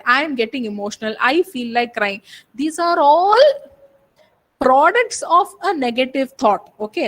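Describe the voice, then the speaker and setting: A woman with an Indian English accent giving a webinar lecture to students, talking earnestly and directly to them, with a lot of repetition. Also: high voice. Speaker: webinar speaker on exam stress. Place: home or office, webinar. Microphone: computer mic on a video call.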